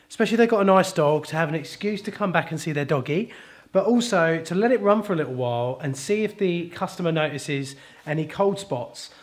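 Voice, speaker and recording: A man, a plumber, explaining his work in a chatty, jokey how-to vlog while indoors in a house. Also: a little high. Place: boot room of a house, indoors.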